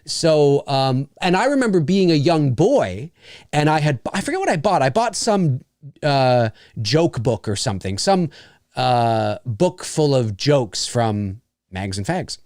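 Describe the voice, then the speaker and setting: A man's voice: medium pitch, sing-song, a little slow, a little mellow, no room sound, clean studio sound. A middle-aged man from Canada co-hosting a podcast in casual chat, rambling and emphatic, blunt about not caring. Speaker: podcast co-host.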